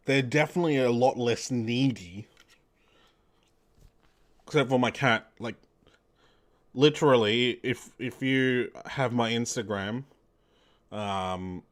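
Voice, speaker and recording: A young adult man chatting casually while streaming a game, rambling and correcting himself with lots of fillers. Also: mid-range voice. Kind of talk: casual let's-play chat.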